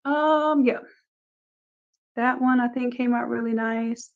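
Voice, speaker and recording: A woman's voice: on the high side, fairly even intonation, slow pace, phone-quality sound. A woman instructor talking casually through each step of a live screen-share design tutorial, chatting with her class as she works.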